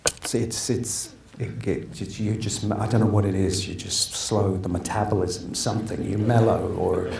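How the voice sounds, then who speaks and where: A man's voice: fairly low pitch, fairly even intonation, normal speed, vocal fry. A man in his fifties telling stories in a casual interview, rambling with many restarts and acting out what others said. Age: 50s. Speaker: actor being interviewed. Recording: roomy echo, distant mic, faint noise.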